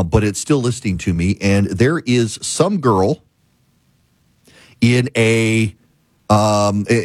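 A man's voice: mid-range voice, no echo. A middle-aged man, talking as a radio host, ranting and telling a story with bursts of laughter. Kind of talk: casual monologue.

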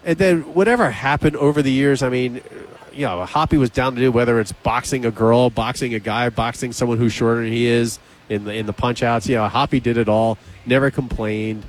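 Animated male radio host telling a story. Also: a little fast, hardly any pauses, rough recording. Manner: animated storyteller, acts out quotes with raised pitch. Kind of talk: casual radio banter, storytelling.

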